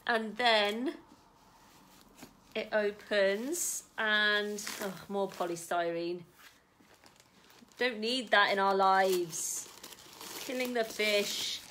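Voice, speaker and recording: Excitable woman vlogger, bright and chatty, live from home with faint room noise. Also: mid-range voice, very slow, pauses often. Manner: excitable, chatty, swears casually. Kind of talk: casual live-stream chat.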